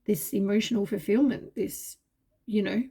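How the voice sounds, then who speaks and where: A tired woman reads tarot cards in a loose, rambling way, full of fillers and gentle reassurance. Her voice is mellow and soft at a middle pitch, and she sounds worn out. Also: steady tone, moderate pace, breathy edge. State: tired, yawning. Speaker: tarot reader. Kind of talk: casual tarot reading.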